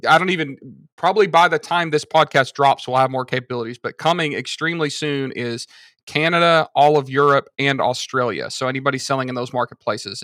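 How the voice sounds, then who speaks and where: Man, bright forceful voice, dry close sound, explanatory, podcast guest. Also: mid-range voice, dry recording. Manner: explanatory, talks through examples at length. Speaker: guest from a seller funding service. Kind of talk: casual podcast conversation.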